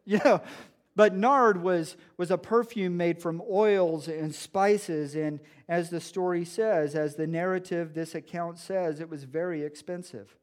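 A male pastor preaches with earnest emphasis, often doubling back on his words. His voice sits notably high. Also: steady tone, measured pace. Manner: earnest, emphatic, with frequent restarts. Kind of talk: sermon.

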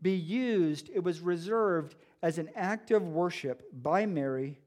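A male pastor preaches with earnest emphasis, often doubling back on his words. His voice sits notably high. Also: slow pace, darkish tone. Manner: earnest, emphatic, with frequent restarts. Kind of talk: sermon.

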